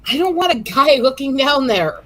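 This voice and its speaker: A woman's voice: high-pitched, expressive, moderate pace, a bit bright, low-quality recording. A woman co-hosting a casual chat stream, outspoken and frank as she talks openly about personal matters. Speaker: stream co-host.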